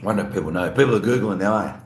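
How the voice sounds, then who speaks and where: An Australian man with a lowish voice races through a relaxed, rambling livestream chat, eating as he greets viewers and answers their messages aloud. The audio carries a roomy echo and a faint background hum.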